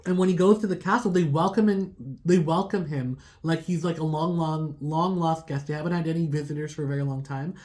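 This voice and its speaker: A tarot reader retells a folk tale in loose, chatty speech, leaning on fillers and quick restarts. The delivery is informal and conversational throughout. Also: medium pitch, fairly even intonation, a little mellow. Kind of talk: casual storytelling.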